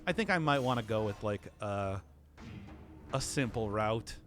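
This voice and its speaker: A man's voice: on the low side, lively intonation, a little slow, a bit bright, faint music behind. A man rambling through casual gameplay commentary, laughing often and mocking himself, his voice groggy from not having talked all day. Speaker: streamer.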